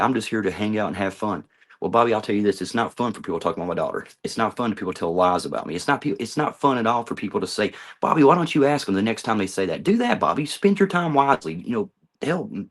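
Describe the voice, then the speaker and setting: A middle-aged man ranting heatedly at people he names, confrontational and swearing often, in a video monologue. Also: on the low side. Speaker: vlogger.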